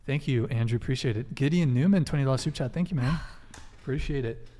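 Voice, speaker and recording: A man's voice: medium pitch, fast talker, dark tone. A man hosting a live dating talk stream, reading viewer messages and thanking them in a laid-back way. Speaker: host. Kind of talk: casual livestream chat reading super chats.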